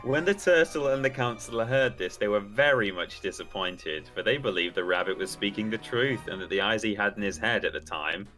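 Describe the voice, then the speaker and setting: Male streamer reading a story aloud, lower voice with a bright, lively edge. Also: brisk, hardly any pauses, soft background music, rough recording. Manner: expressive, animated storytelling. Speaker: streamer and co-host.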